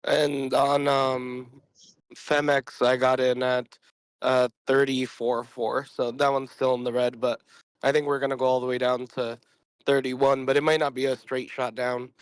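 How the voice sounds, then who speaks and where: A sick man talks bluntly on a group voice call, clearing his throat often and swearing freely. His voice sits at an ordinary pitch and the sound is dry, with no room around it. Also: flat delivery, a little slow, no echo. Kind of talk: casual chat.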